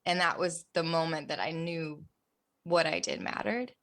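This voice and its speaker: This young adult woman talks in a slightly low voice as a podcast guest. She tells her story earnestly and with feeling, often drifting into soft, near-whispered phrases. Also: little pitch movement, moderate pace. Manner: earnest, emotional, softens to near-whispers at hard moments. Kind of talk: personal storytelling.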